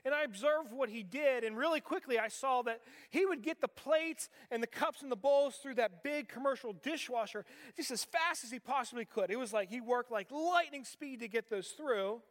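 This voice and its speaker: A man's voice: very high voice, normal speed, hardly any pauses, fairly bright tone. A man in his forties from western Pennsylvania, preaching a sermon in a conversational way and asking the audience rhetorical questions. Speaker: pastor. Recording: long reverb of a large hall.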